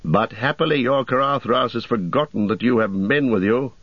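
A man's voice: medium pitch, normal speed, breathy edge, no echo, lo-fi sound, close to an everyday voice. Boromir, a man playing a proud bold warrior. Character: proud strong male human warrior.

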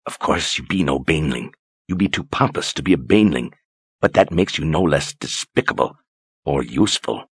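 A man voicing a cruel, zealous male inquisitor who speaks low and quietly through clenched teeth. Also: normal speed, husky, no room sound. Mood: menacing.

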